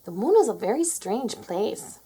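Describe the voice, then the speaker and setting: A woman voicing a gentle, simple-minded cow in a children's storybook, in a raised, breathy voice. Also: on the high side, sing-song, unhurried, full character voice. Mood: puzzled.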